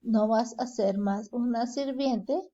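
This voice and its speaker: Woman, English teacher, bilingual storybook reading, slow, mellow, dull lo-fi recording. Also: on the high side. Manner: reads slowly, translating each line into Spanish.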